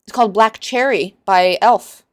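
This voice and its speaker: A woman's voice: medium pitch, moderate pace. A woman in her twenties giving casual, sarcastic commentary in a book reaction vlog, rambling and exasperated.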